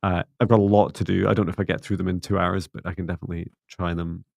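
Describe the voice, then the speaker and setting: A middle-aged man hosting a spiritual livestream, talking in a soft, gently meditative way. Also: low voice, flat delivery, racing, creaky, no echo, clean studio sound. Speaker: psychic mentor and livestream host. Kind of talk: casual livestream chat and guided closing.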